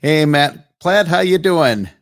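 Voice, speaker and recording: A man's voice: a little high, lively intonation, slow pace. A man hosting a live online show, talking casually with lots of fillers and restarts. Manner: rambling, chatty, with many fillers and restarts. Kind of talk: casual live-stream commentary.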